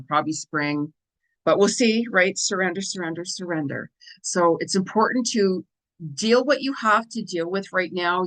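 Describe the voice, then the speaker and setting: A woman's voice: sits low, fairly bright tone, rough recording. Chatty woman hosting astrology talk. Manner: chatty, repeats phrases, frequent "you know" and "right?". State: tired from lack of sleep. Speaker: astrology and tarot host. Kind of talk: casual spiritual monologue.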